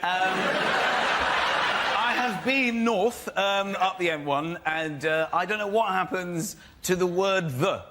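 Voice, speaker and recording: Male comedian from the south of England, high voice, halting delivery. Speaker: comedian panelist. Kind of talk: stand-up routine. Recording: noisy studio.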